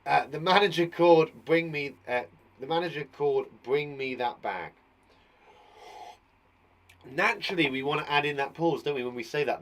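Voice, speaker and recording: An English man teaching young children online, his voice sitting a little high for a man. He is patient and encouraging, thinking aloud as he writes out each example. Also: moderate pace, pauses often. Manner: patient, encouraging, talks aloud while writing. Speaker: primary school teacher. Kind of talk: live online English lesson.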